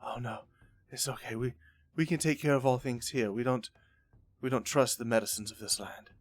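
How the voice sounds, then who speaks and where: A man's voice: medium pitch, normal speed, close to an everyday voice. A man voicing a guarded female caravan traveler who speaks hesitantly and evasively in a tabletop game.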